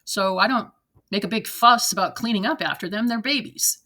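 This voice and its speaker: Host, woman, 40s–50s, reads posts then rants bluntly from her desk; crisp, bright tone. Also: mid-range voice, moderate pace. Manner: blunt, profane, laughing rants. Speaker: reaction video host. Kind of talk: reading and reacting to online posts. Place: at a desk at home.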